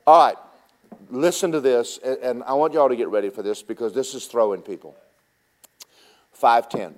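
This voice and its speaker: A male preacher, delivering a sermon at an ordinary, middle pitch. He talks in a folksy, teasing way, telling stories from his own working life. He keeps turning to the congregation and speaking straight to them. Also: normal speed, long pauses.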